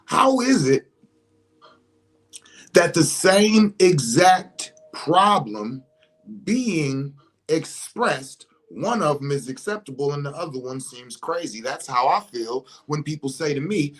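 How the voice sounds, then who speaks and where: A man's voice: on the high side, lively intonation, takes it slowly, poor audio. A man, talking in a casual monologue and acting out scenarios with rhetorical questions. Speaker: commentator.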